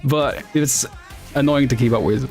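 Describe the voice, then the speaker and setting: This man's mid-range voice is a little mellow and moves at a moderate pace, with soft background music. In a casual livestream he responds to viewers, rambling and self-correcting, with frequent laughter.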